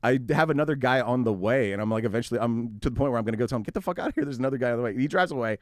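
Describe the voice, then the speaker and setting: A man with a middle pitch and a dry, close studio sound tells a long story. He acts out both sides of the conversation and swears freely, his pitch rising and falling as he gets worked up. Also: animated, racing, dry recording. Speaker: radio show host. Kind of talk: casual storytelling chat.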